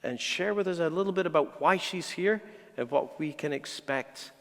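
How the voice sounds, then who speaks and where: Male priest, earnest homily, slightly high voice, church reverb. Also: normal speed, a bit bright. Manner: earnest preaching with emphatic rises. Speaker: parish priest. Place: large church.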